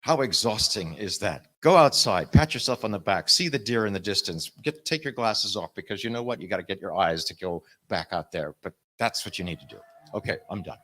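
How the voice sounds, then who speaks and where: A man speaking on a convention panel about audiobook narration, lively and self-interrupting, with frequent restarts. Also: lowish voice, fairly quick, hardly any pauses. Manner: animated, uses music metaphors, self-interrupting. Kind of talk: panel talk.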